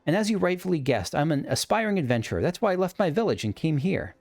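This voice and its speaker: A man's voice: a little high, sing-song, fast, darkish tone, soft background music, voice pushed up. A man voicing an earnest sixteen-year-old boy from a video game, an aspiring adventurer who is polite and a little nervous. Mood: eager. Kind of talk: reading game dialogue aloud.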